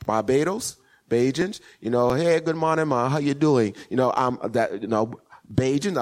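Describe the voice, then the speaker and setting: A man preaching a sermon in a call-and-response style, building to emphatic peaks and checking in with his congregation. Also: medium pitch. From West Indian parents. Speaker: pastor.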